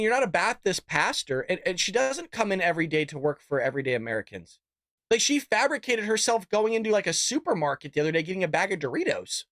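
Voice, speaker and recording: Clean studio audio with no room sound captures a man hosting a live political commentary stream. He rants heatedly and profanely, using mock voices, his delivery swinging loud and high.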